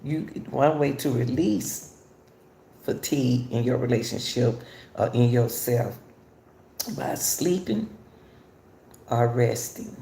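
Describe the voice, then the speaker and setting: A woman's voice: very deep voice, slow pace, creaky, pauses often, mellow, echoey room, a little hiss or hum. An older woman, hosting a casual talk for viewers and repeatedly addressing them as y'all. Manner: repetitive, chatty, addresses listeners as y'all. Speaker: host.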